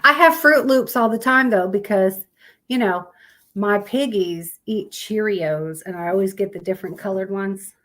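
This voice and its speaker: A woman's voice: medium pitch, normal speed, a bit bright. A woman, chatting casually on a live stream, reading out fun facts to viewers in a rambling, sleepy way. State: sleepy, yawning.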